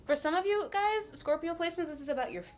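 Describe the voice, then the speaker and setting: A woman's voice: very high-pitched, expressive, fast, a little hiss or hum. A woman giving a casual tarot reading, rambling and chatty with many fillers, slightly lisping through a retainer. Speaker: tarot reader.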